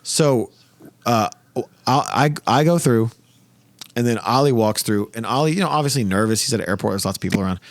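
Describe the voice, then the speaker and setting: A man's voice: mid-range voice, lively intonation, a little fast, no room sound. Profane ranting man, dry sound. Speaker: podcast host. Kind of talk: casual podcast chat.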